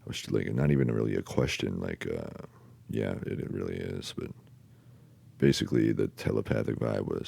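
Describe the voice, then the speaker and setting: Very deep, gravelly man rambling slowly. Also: warm tone, dry recording. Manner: halting, many pauses and fillers, swears casually. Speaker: podcast host. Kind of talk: rambling personal storytelling.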